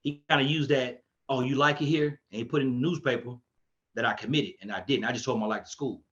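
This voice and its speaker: A man's voice: mid-range voice, quick pace, muffled recording. Man coach telling stories on a podcast. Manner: animated, acts out quotes in a raised voice. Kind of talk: casual storytelling chat.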